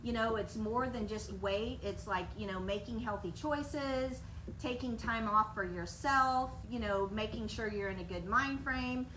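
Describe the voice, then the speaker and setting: A woman's voice: fairly high pitch, a little slow, a bit bright. A woman director of human resources chatting on a company livestream, giggly and loose, full of fillers. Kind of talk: casual company livestream talk. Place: office room with coworkers. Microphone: distant device mic. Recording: roomy distant sound with background noise.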